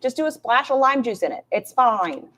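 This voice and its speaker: A woman's voice: on the high side, very animated, normal speed, fairly bright tone, slight background noise. A woman doing casual, sarcastic live-stream commentary, swearing freely and talking to her chat. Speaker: reaction streamer.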